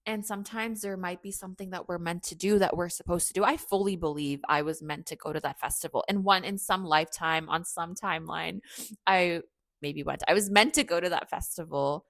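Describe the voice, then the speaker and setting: A young woman hosts her own podcast and tells a personal story in a candid, chatty way, peppering it with "like" and self-mocking asides. Her voice sits a little low for a woman. The recording is close and dry, with no room sound. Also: a little fast, fairly bright tone, no echo. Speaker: podcast host.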